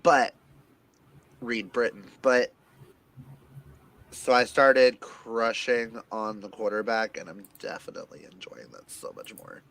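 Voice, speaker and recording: A man's voice: lowish voice, unhurried, pauses often. A man chatting casually and dramatically about books with friends over a video call. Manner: animated, jokey and dramatic. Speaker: book vlogger. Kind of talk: casual chat.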